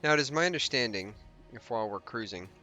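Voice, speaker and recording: A man's voice: mid-range voice, lively intonation, fast, pushed and bright, lo-fi sound, faint music behind. A man hosting a let's play, giving casual gameplay commentary and thinking aloud as he rambles through his plans with restarts and asides.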